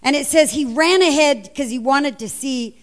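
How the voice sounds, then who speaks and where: A middle-aged woman preaches a sermon with a fairly high voice. She tells the story in a lively way and acts out the voices of the people in it. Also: normal speed.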